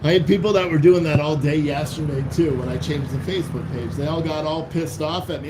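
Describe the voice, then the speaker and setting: A man's voice: a little high, a little fast, few pauses, noisy background. Blunt rambling man hosting a livestream. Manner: rambling, blunt, profane, with restarts. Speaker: livestream host. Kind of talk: casual livestream commentary reading chat.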